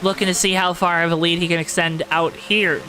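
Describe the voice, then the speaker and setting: This race commentator's voice sits fairly high with little pitch movement, and his sharp delivery moves at a fairly quick clip. Putting on a showy announcer voice, he narrates sim racing action directly to the audience over a rough recording with a bit of background noise.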